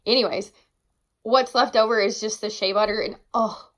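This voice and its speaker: Enthusiastic young female beauty vlogger, gushy and chatty, mid-range pitch. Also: fairly even intonation, moderate pace, a bit bright. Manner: gushing, enthusiastic, exclaims often. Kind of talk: casual product review.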